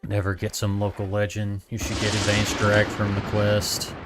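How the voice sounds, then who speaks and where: A man's voice: fairly low pitch, completely flat delivery, moderate pace, loud music behind the voice. A man with a Boston accent streaming a game, chatting casually and thinking aloud. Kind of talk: casual gameplay commentary.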